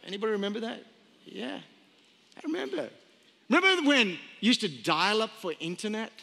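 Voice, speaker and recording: A man in his thirties preaching a sermon as pastor, chatty and storytelling, repeating phrases and slowing down for emphasis. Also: sits high, expressive, gravelly, sharp tone. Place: church sanctuary. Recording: long hall reverb.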